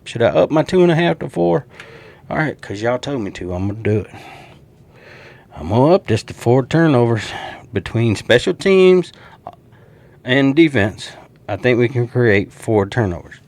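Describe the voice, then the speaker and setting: A man with a Southern drawl runs through his football predictions in a loose, joking way, asking viewers what they think. His voice sits in the middle range for a man, and his delivery is lively and chatty. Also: mid-range voice, moderate pace, gravelly, pauses often. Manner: animated, jokey, talks straight to viewers. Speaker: sports show host. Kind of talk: casual sports prediction talk.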